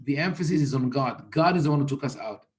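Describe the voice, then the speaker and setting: A rabbi explaining religious texts in a thoughtful, unhurried teaching manner, often restarting sentences and quoting Hebrew. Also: male voice, mid-range voice.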